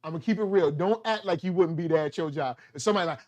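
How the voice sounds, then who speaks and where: A man giving a casual, slangy review of a TV show, animated and quick to act out the characters' lines. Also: on the high side. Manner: slangy, animated, acts out quotes. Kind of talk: casual solo TV review talk.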